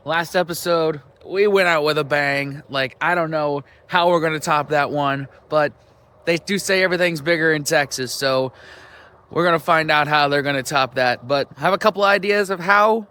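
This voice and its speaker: A man's voice: a little high, moderate pace, sharp tone, clear, resonant tone. A man vlogging casually from his car on a road trip, chatty and rambling with lots of fillers. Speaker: travel vlogger. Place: in his car while driving. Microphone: handheld camera in the car.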